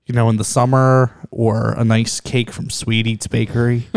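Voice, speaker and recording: A man's voice: medium pitch, little pitch movement, normal speed, clean tone. Man, co-host, casual chat, brash, crude jokes, plain mid voice. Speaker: podcast co-host.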